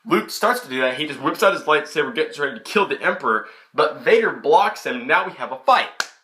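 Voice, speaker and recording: A man's voice: fairly high pitch, a little fast. A young man giving a casual, chatty film review into his camera. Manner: chatty, excitable, many restarts. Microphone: camera mic.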